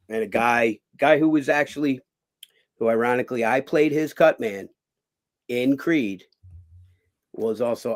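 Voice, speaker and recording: Gravelly-voiced man telling stories. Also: medium pitch. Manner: animated storyteller who acts out other people's lines and swears freely. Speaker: guest, former boxer and cut man. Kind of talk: casual interview storytelling.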